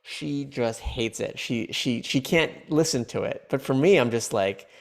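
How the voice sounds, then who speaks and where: A man's voice: medium pitch, unhurried, creaky. A male comedian, a guest on a podcast, talking in a playful, rambling way and laughing often. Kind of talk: casual podcast chat.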